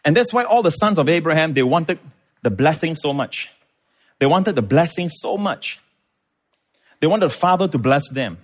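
A man's voice: a little high, expressive, normal speed, pauses often. A middle-aged pastor preaches with emphasis. He repeats words as he builds a point and calls on his congregation for amens. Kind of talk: sermon.

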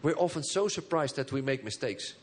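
A man preaching a sermon as pastor. He calls for responses from the congregation and swings between soft, low phrases and emphatic high bursts. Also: expressive, a little fast. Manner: engages the congregation with call and response.

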